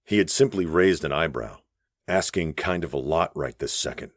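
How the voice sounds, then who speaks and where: Deep-voiced male audiobook narrator. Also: expressive, moderate pace, no echo, clean studio sound. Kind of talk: scripted narration.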